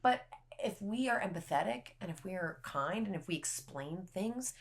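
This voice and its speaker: A woman's voice: lowish voice, lively intonation, moderate pace. A young woman, a podcast guest, chatting casually and telling a vivid story bluntly, with some swearing. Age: young adult.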